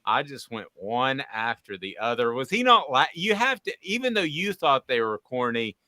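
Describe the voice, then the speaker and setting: A man's voice: medium pitch, big pitch swings, moderate pace, sharp tone, dry recording. A man hosting a casual sports panel, telling corny puns and ribbing his co-hosts. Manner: jokey, tells corny bean puns. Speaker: sports show host.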